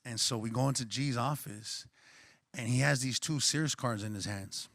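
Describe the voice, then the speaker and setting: Guy on a panel telling his life story, earnest and reflective, casual slang, mid-pitch voice, dry sound. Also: moderate pace, gravelly, fairly bright tone, no room sound. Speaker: panelist and coffee shop co-owner. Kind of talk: personal storytelling on a conference panel.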